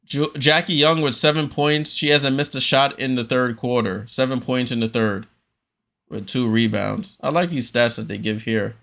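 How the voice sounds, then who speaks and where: A man hosting a live watchalong stream, calling the game play-by-play in a relaxed, chatty way with frequent ums and restarts. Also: medium pitch, normal speed, gravelly. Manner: relaxed, chatty, many ums and restarts, reads chat aloud.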